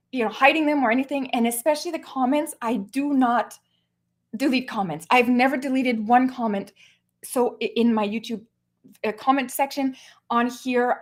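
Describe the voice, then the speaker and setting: Earnest woman live-streaming, slightly high voice. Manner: earnest, speaks straight to viewers. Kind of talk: casual live-stream commentary.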